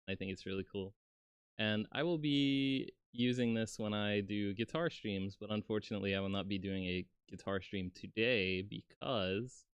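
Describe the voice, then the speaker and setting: A man's voice: on the low side, clean tone, dry recording. A man streaming as a VTuber, chatting casually and rambling in a self-deprecating way with lots of fillers, close to his desk microphone. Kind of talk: casual live-stream chat.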